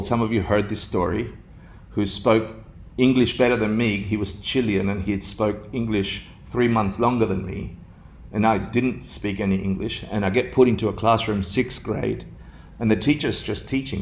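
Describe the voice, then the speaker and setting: A man from Argentina giving a dharma talk, telling a story in an animated, jokey way and laughing often. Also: lowish voice, moderate pace. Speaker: dharma teacher.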